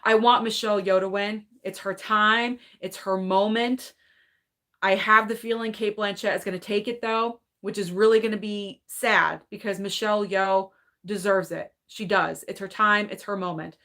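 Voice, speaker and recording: A woman hosting a casual live stream about movies, reading viewer comments and sharing her opinions in a chatty, hedging way with lots of "like" and "I don't know". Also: mid-range voice. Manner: opinionated and animated, quick laughs. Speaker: movie channel host reading live chat.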